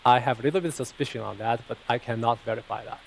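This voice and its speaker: Brief: man presenting research, gravelly voice, hesitant phrasing, faint hiss on the recording. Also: medium pitch, rapid-fire, poor audio. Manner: hesitant, repeats words and fills with uh. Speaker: presenter answering questions on his research. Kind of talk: technical Q&A after a talk.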